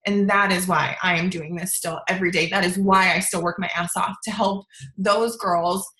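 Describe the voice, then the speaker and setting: A woman's voice: fairly low pitch, steady tone, moderate pace, bright, forceful tone, reverberant, rough recording. Emphatic woman giving a pep talk. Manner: emphatic, repeats "okay?" and "you guys". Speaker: team leader of a sales business. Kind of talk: motivational pep talk on a video call.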